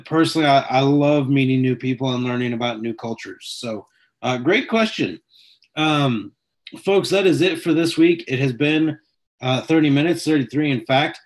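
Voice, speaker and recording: Chatty man hosting a livestream. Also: mid-range voice. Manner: chatty and welcoming, greets viewers by name. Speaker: livestream host. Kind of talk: casual live chat answering viewers.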